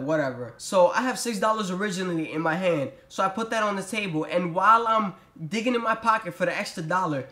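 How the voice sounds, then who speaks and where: A man's voice: sits high, fairly bright tone. A young man telling a story to his camera, ranting in an exasperated, profane way. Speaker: vlogger. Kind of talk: storytime rant. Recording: echoey room.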